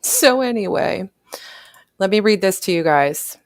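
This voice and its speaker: A woman's voice: mid-range voice, animated, measured pace, no echo. A woman hosting a livestream, reading a text aloud with stumbles and restarts. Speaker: livestream host.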